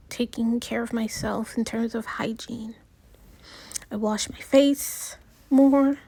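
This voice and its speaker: A woman talking in a personal video diary with a small, soft voice that often drops near a whisper, halting and restarting as she speaks. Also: on the high side, husky, dry recording. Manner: halting, with many pauses and restarts. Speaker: vlogger.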